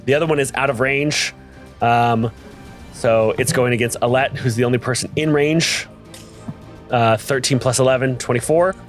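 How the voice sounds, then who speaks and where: Male game master, mid-pitched, hesitant fillers, plain narration. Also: moderate pace, faint music behind. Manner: steady, with frequent ums and uhs.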